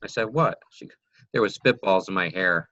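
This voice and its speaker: A man's voice: sits low, fairly quick, bright, forceful tone, no room sound, highs cut off. A man co-hosting a casual morning motivation show, an easygoing storyteller. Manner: easygoing storyteller, many fillers. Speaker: co-host. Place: South Carolina Low Country.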